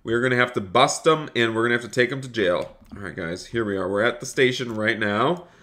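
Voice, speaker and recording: Young male game streamer, bright forceful tone, upbeat chatter to viewers. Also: mid-range voice, a little fast. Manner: upbeat, reads chat aloud and thanks viewers. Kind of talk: live game-stream chat.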